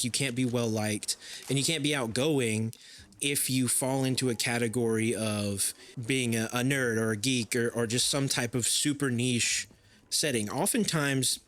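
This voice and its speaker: A young adult man hosting a casual podcast chat, telling stories in an animated, rambling way. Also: mid-range voice. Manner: animated storyteller, talks in long rambling runs.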